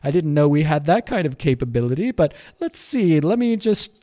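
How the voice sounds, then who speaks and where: Man doing a rambling, chuckly old Santa radio host; bright pitch, bouncy delivery. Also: very animated, moderate pace. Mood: chuckling. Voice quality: chuckling, rambling, self-mocking. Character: jolly old Santa Claus hosting radio. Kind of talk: comedic radio character bit.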